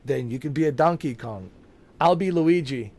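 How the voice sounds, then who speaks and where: A man's voice: fairly high pitch, animated, normal speed, warm tone. A man streaming a video game, chatting casually and joking with his viewers, laughing often. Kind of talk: casual live-stream commentary.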